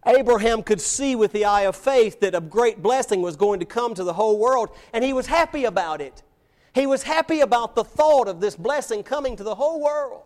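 A man with a high voice delivers a sermon from the pulpit. He talks emphatically and presses his points with rhetorical questions. His volume swings between loud declarations and quiet asides. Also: lively intonation, fairly quick. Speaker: preacher. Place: church, evening service.

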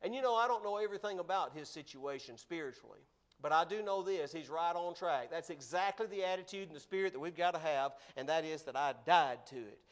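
Guy preaching, kinda high voice, earnest, leans hard on key words. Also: animated. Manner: earnest, emphatic, slows for stress. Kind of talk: sermon.

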